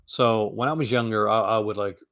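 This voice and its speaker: A man's voice: fairly low pitch, steady tone, brisk, vocal fry, fairly bright tone, dry recording, studio quality. A man with a Canadian accent, hosting a casual chat and rambling with frequent restarts. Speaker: host.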